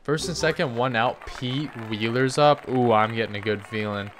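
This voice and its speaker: Man, gaming youtuber, excited play-by-play, hyped, cheering. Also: medium pitch, normal speed, a little hiss or hum. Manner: hyped, cheering players on by name. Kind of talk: excited game commentary.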